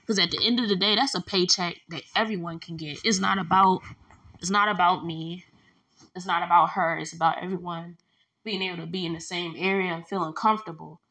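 A woman's voice: lowish voice, brisk. A woman telling a long personal story in a casual, rambling way, acting out the back-and-forth with lots of filler words. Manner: rambling, animated, acts out quoted exchanges with filler words.

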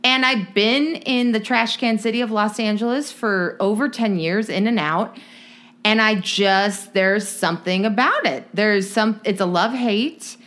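A woman from California co-hosting a podcast in casual chat, rambling and giggly as she thinks out loud. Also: medium pitch, measured pace. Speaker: podcast co-host.

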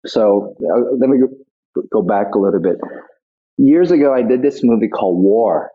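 A man's voice: on the low side, expressive, normal speed, slightly rough. A man being interviewed as a guest actor, telling stories reflectively with many restarts, over a tinny phone-like line. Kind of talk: interview conversation.

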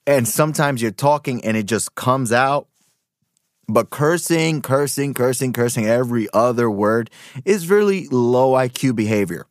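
A man's voice: mid-range voice, normal speed, no room sound. A man hosting a podcast talks in loose, rambling commentary, stumbling through restarts and fillers. His voice sits in the middle of the range, and the recording is dry and close. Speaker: podcast host. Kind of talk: casual commentary.

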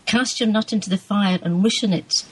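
A woman reading as a husky Scottish wise woman. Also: mid-range voice, normal speed, lightly acted, rough recording. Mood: knowing. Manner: homely, scolding, sure of fate.

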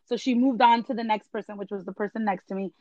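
A woman telling an animated story in a casual chat, switching between English and Spanish. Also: medium pitch, fast talker, dry recording, muffled recording. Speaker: entertainment journalist guest.

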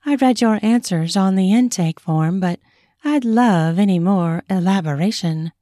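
A woman's voice: mid-range voice, a little slow, mellow, no echo, studio quality, natural voice. A woman reading an audiobook, voicing a confident, proud hostess who speaks invitingly.

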